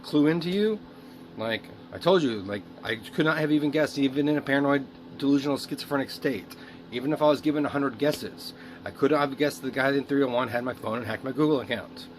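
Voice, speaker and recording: Guy ranting into his video diary, rambling and swearing, noisy hiss behind him. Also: fairly low pitch. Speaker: video diarist.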